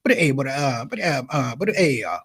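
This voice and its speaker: A man's voice: medium pitch, lively intonation, moderate pace, a bit bright, husky, pitched below the performer's own voice. A man playing an elderly father who stalls on fillers like a car that won't start, on a live comedy stage. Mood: sputtering. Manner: stuck on "hey, but, uh" fillers. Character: elderly father, stammering and flustered.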